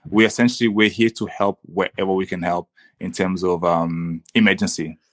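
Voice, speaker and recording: An earnest young man with a fairly low voice, talking in a relaxed podcast conversation. He speaks with enthusiasm, often restarting his sentences and calling the host "dude." It sounds like an easygoing chat between friends. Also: normal speed. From Congo. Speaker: guest. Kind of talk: casual conversation.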